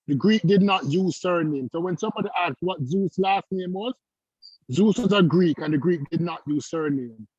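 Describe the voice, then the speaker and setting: Husky Caribbean man, high and quick. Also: a little mellow, no echo. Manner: quick, earnest speaking. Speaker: call-in guest. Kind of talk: prepared statement on a livestream. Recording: dry, dull remote audio.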